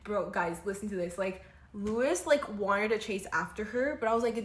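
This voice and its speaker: A woman's voice: mid-range voice, normal speed, roomy sound. A young woman telling a story from her own life in a casual, chatty way, full of "like". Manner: animated, chatty, lots of "like" and bursts of laughter.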